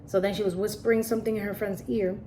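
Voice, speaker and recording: A woman's voice: medium pitch, steady tone, fast talker, dark tone, a little hiss or hum. A woman telling a personal story in a casual, earnest way, often repeating herself and restarting sentences. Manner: repetitive, earnest, frequent restarts and "like".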